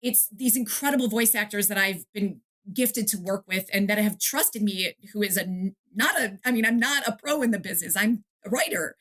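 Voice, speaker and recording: A middle-aged woman from the Detroit area, an author chatting in an interview, lively and quick to act out quotes and laugh. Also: mid-range voice. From Detroit area, USA. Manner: animated storyteller, acts out quotes, laughs often. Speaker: author and guest. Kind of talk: casual interview chat.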